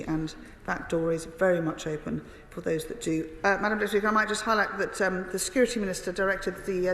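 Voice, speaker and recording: A woman minister giving a measured parliamentary answer with frequent filler pauses. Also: lowish voice. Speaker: government minister. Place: large debating chamber. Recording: echoey chamber with faint room noise.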